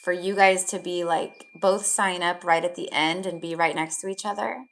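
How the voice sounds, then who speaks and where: A woman's voice: fairly low pitch, fairly even intonation, normal speed, vocal fry, heavy background noise. A woman giving live psychic tarot readings, talking in a soothing, affectionate way with lots of fillers. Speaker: tarot reader.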